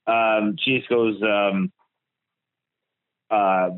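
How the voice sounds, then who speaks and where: A man's voice: on the low side, fairly even intonation, very slow, smooth, narrow, tinny audio. A man co-hosting a podcast, chatting casually, hesitant and giggly, with lots of ums. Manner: giggly, hesitant, full of fillers. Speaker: podcast co-host. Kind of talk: casual chat.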